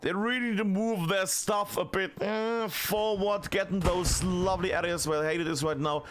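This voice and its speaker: A man casting a tactical shooter match solo, chatty and excitable, shouting on big plays. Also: high-pitched, normal speed, faint music behind. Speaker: esports caster. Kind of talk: solo play-by-play commentary.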